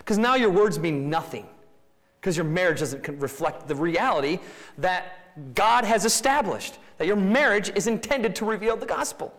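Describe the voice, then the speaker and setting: A man's voice: high voice, animated, normal speed, fairly bright tone. A man preaching a sermon to his congregation, talking in a conversational way and rising to emphatic bursts. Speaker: pastor. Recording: reverberant hall.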